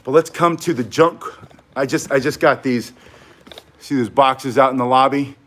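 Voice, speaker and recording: In a relaxed live martial arts lesson, a middle-aged instructor chats with viewers and keeps drifting onto tangents. He speaks at a medium pitch and moderate pace, a bit bright.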